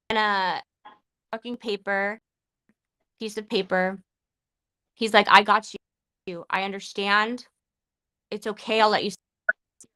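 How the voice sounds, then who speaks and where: A woman talks on her live podcast in a bright, forceful voice, recorded dry and close. She swears often and speaks in halting bursts, stopping and restarting her sentences. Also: medium pitch, dry recording, rough recording. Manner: emotional, profane, halting with many restarts. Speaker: podcast host.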